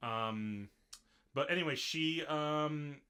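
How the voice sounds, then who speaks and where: A man with a bright, forceful voice chats casually on a podcast, rambling through an anime recap. He talks in loose stretches full of fillers and restarts. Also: a little high, takes it slowly, clear, resonant tone. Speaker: podcast co-host.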